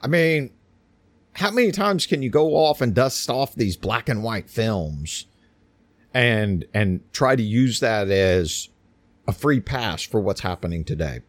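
A man's voice: fairly low pitch, lively intonation, a little slow, no room sound. A man hosting a podcast, giving sarcastic, ranting commentary on the news. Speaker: podcast host.

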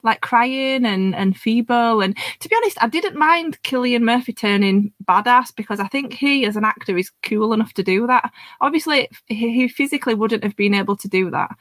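A woman chats casually about a film, restarting her sentences and laughing along. Her voice sits a little high. The recording is dry and close. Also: moderate pace, a bit bright, no echo. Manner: hesitant, chatty, laughs often. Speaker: panelist. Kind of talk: casual film review chat.

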